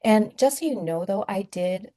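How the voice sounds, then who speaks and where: A woman's voice: mid-range voice, animated, moderate pace, dark tone. A young woman speaking candidly and casually to her viewers as she shares a personal testimony, with lots of fillers. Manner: candid, conversational, many fillers. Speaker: vlogger sharing her testimony.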